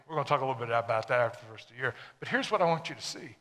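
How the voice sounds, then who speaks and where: A man's voice: medium pitch, expressive, very fast, hardly any pauses, bright, forceful tone, big-room sound. A man preaching a sermon to a congregation, emphatic and full of questions to the listeners. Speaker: pastor.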